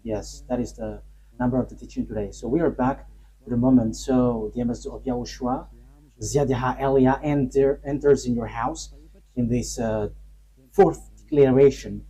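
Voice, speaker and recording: A man preaching a sermon, emphatic and halting, rising sharply on key points between pauses and fillers. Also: medium pitch, steady tone, warm tone, poor audio.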